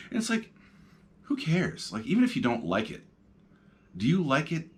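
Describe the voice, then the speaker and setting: This solo podcast episode comes from a host in his thirties sitting on his couch, drifting reflectively with many ums and uhs. His voice is a little high, swinging widely in pitch, at a moderate pace with long pauses.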